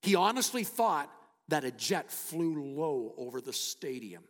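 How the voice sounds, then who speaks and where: A man preaching a sermon as he retells a story, emphatic, with dramatic pauses and sudden hushed drops. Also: on the high side, sing-song. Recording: long hall reverb.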